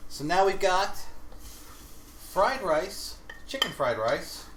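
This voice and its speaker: Young guy cooking on stream, bright lively voice, chats w his viewers, bit of background noise. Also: high-pitched, slow. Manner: chatty, talks to chat while cooking and eating. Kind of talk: casual cooking livestream chat.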